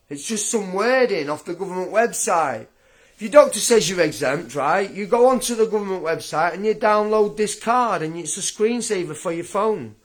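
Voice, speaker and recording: A man ranting straight to camera in a blunt, combative, indignant vlog monologue. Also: sits high. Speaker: vlogger.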